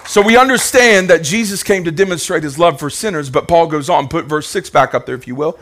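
A man's voice: fairly high pitch, fairly quick, fairly bright tone. A male pastor preaching a sermon with fervent energy, a sing-song cadence and repeated phrases, calling out to the congregation. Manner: calls out to the congregation.

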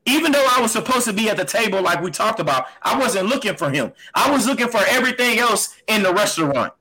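A man co-hosting a faith podcast, speaking with impassioned, preaching fervor and repeated phrases that rise to near shouts. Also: sits high, expressive, fast talker, slightly rough, rough recording. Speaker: podcast co-host. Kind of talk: faith-based podcast talk.

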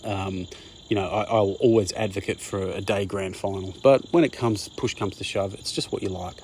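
A man's voice: low-pitched, steady tone, normal speed, a little mellow, a little hiss or hum. A man with an Australian accent, talking casually in a rambling monologue and often saying "mate". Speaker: podcast host.

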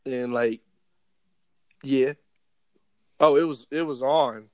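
A man's voice: mid-range voice, slow, darkish tone, dry recording. A man co-hosting a podcast in casual chat, rambling and swearing freely as he gets emotional. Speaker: podcast co-host.

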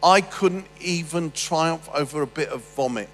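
A man's voice: on the high side, measured pace, few pauses, fairly bright tone, in a large hall, faint music behind. A man telling a humorous personal story on stage, rambling and self-deprecating with stammered restarts. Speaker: speaker.

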